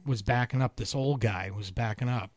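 A man in his fifties hosting a casual podcast chat and telling stories in an animated, profane way. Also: mid-range voice, moderate pace, no echo, studio quality. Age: 50s.

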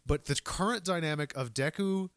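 A man's voice: fairly high pitch, normal speed, fairly bright tone, no echo. A man co-hosting a podcast, recapping episodes in an enthusiastic, chatty way with frequent fillers. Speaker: podcast co-host. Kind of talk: casual recap chat.

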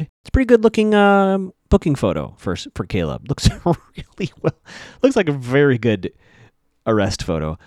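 A man's voice: medium pitch, darkish tone, no room sound, studio quality. A man hosting a podcast, casually recapping a TV episode with chatty, wry asides.

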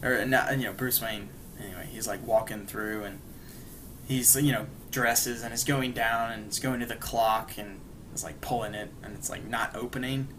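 A man's voice: on the low side, fairly even intonation, normal speed, a bit bright, a little hiss or hum, low-quality recording. Rambling man retelling a cartoon episode. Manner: rambling, many "like" and "you know" fillers; briefly acts out characters' lines while retelling. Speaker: podcast co-host. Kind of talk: casual chat recapping an episode.

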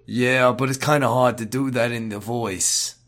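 A man's voice: mid-range voice, fairly even intonation, moderate pace, a bit bright. A man co-hosting a podcast, easygoing and joking in casual banter. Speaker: podcast co-host.

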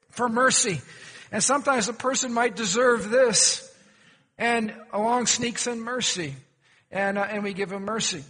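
Male pastor, very high and bright voice, folksy and questioning delivery, reverberant sanctuary sound. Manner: questioning the congregation, folksy jokes. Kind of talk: sermon with humorous stories. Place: church sanctuary.

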